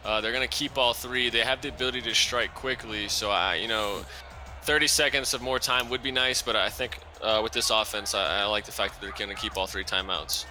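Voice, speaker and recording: A man's voice: lowish voice, steady tone, brisk, bright, forceful tone, faint music behind. A man doing color commentary on a simulated football game, talking casually with lots of fillers and restarts. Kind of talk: live esports football commentary.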